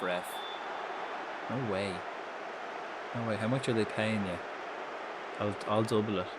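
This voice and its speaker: A man giving casual, swear-laden commentary while playing a football management game live, reacting loudly to the match. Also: on the low side, very noisy. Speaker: streamer.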